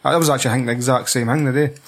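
A man's voice: medium pitch, steady tone, very fast. A young man, chatting casually about a film, blunt and laid-back, swearing freely. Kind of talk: casual film review chat.

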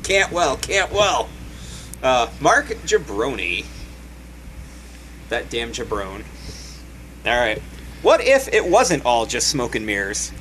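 A man's voice: medium pitch, sing-song, slow, long pauses, a bit bright, slight background noise, low-quality recording. A man hosting a casual podcast chat, reading out listener entries with a joking manner. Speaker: podcast host.

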